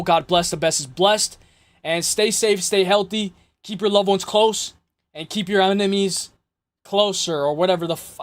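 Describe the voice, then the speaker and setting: A young man with a high, slightly worn voice hosts a loose livestream, talking to his chat in slangy, rambling bursts and calling everyone "guys". He speaks close to the mic in a dry, dead room with no echo. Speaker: livestream host.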